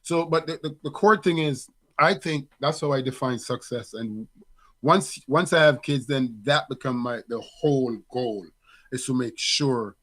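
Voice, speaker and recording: A man's voice: medium pitch, a little slow, a bit bright. A middle-aged man and father co-hosting a podcast, talking in a reflective, casual way with many restarts and fillers. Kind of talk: casual conversation.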